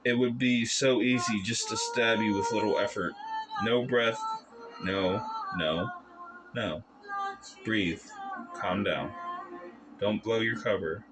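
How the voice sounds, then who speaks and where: A man's voice: on the low side, fairly even intonation, slow, pauses often. A man voicing a young male ninja disguised as a shy rice trader, polite aloud and tense in his thoughts. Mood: suppressed anger. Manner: polite, meek when speaking aloud, tense muttering inside. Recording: background music under the voice.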